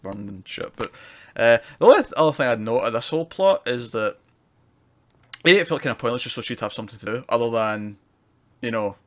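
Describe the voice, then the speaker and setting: A man chats loosely through a TV episode review, rambling between points and laughing often. His voice sits at an ordinary middle pitch. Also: lively intonation, fairly quick. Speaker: podcast co-host reviewing TV. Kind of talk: casual review chat.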